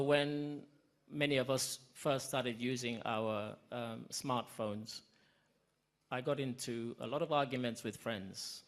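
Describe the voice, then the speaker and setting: A man chairing a panel at a public event, speaking emphatically with self-deprecating asides. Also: mid-range voice. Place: conference hall.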